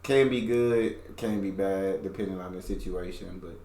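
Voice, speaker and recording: A man's voice: low-pitched, normal speed, dark tone. A man hosting a reaction video, chatting casually and teasing with a joking manner. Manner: joking, teasing, laughs easily. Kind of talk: casual chat. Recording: echoey room.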